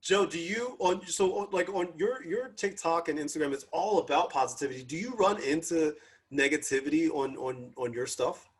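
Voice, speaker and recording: Husky-voiced man, upbeat and joking. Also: on the high side, normal speed. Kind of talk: casual panel chat. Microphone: video call.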